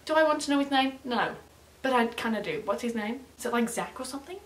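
A woman's voice: on the high side, animated, quick pace. A young woman, chatting casually as she reacts to music, gushing and scattering lots of fillers. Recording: echoey room.

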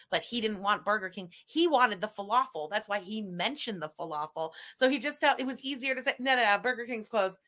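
A woman's voice: high-pitched, bright, forceful tone. A woman hosting a commentary stream, reacting to a livestream clip in a mocking, sarcastic way. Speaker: commentary host.

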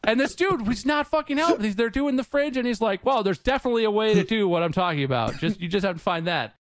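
A man in his thirties, a podcast co-host, telling a story in a casual, animated and exasperated way, swearing freely and acting out other people's lines. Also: high voice, fast, no echo, studio quality.

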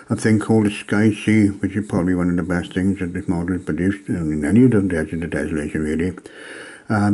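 A man from Wales talks through a review of a tabletop adventure module. His voice sits low, and he stops often to fill gaps with ums and uhs. The delivery is a relaxed, unscripted spoken review. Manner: hesitant, many ums and uhs.

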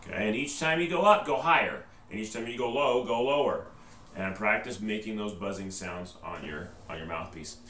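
A man's voice: on the low side, moderate pace, fairly bright tone. A male band teacher giving a patient step-by-step trumpet lesson, checking in with "okay?" after each step. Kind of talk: instructional video lesson. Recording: roomy echo, distant mic, faint noise.

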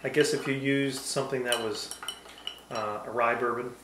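A man's voice: mid-range voice, fairly even intonation. Guy cohosting a cocktail review, dry jokes, lots of ums, roomy sound. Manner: dry teasing, halting with fillers. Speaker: cocktail show co-host. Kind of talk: casual tasting chat. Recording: roomy with faint background noise.

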